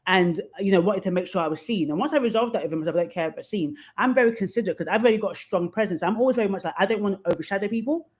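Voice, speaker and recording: Woman podcast guest, brisk, frank, animated storyteller on a remote call. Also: medium pitch. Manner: animated storyteller acting out quoted voices. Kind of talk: candid conversational advice.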